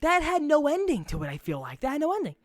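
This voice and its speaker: A man hosting a casual gaming podcast, excitable and full of filler words, swearing often. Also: very high-pitched, quick pace, no room sound. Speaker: podcast host.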